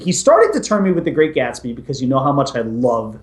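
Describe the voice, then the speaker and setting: Male co-host, opinionated movie banter, lively delivery, roomy echo. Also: medium pitch, a little fast. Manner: opinionated, animated. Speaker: podcast co-host. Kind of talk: casual movie talk.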